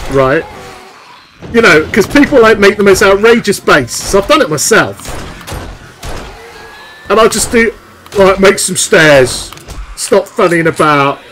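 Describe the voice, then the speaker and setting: A young man giving excitable, chatty live commentary while streaming a video game. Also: high voice, a little hiss or hum.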